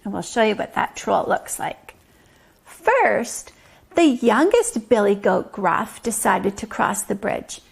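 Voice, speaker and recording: A woman teacher reading a story aloud to toddlers, slow and gently explaining. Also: medium pitch, sing-song, creaky, husky. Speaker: preschool teacher.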